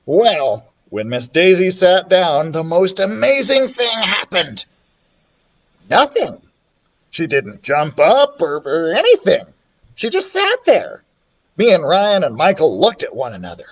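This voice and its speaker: A man reading a children's chapter book aloud, with an expressive, animated storytelling manner. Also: sits high, measured pace, dull audio. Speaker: children's librarian reader.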